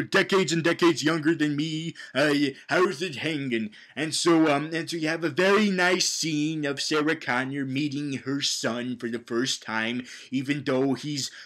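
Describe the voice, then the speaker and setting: A young man with a high-pitched voice rambles through a comedic movie recap. He is sarcastic and profane, and he keeps restarting his sentences. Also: a bit bright. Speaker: movie reviewer.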